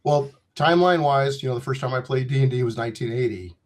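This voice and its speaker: A man's voice: mid-range voice, quick pace. Man in his fifties, loose and digressive, chatting over a video call. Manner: rambling, joking, digressive. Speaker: game designer guest. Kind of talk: casual interview chat.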